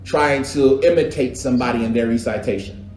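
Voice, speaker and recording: Male teacher, conversational and playful, mimics voices; boomy room, low background hum. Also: a little fast. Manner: animated, conversational, slangy, imitates recitation styles. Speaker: religious teacher. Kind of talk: casual classroom lesson. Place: echoey mosque classroom. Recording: echoey room with faint background ambience.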